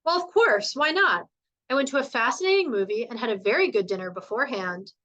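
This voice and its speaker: A woman voicing a calm older nanny who answers slowly and evenly, reciting lines of poetry. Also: a little high, muffled recording. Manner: slow, measured, unruffled.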